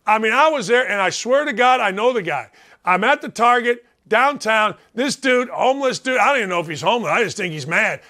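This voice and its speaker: A man in his late fifties hosting a sports talk show, ranting bluntly and combatively, hammering his points and breaking into shouts. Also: very high-pitched. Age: 50s. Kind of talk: sports talk radio rant.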